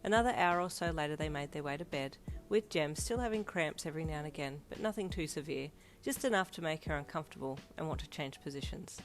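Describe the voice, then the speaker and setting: A woman reading fanfiction aloud in a steady storybook narration. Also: sits low, quick pace, few pauses. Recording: soft lofi piano behind.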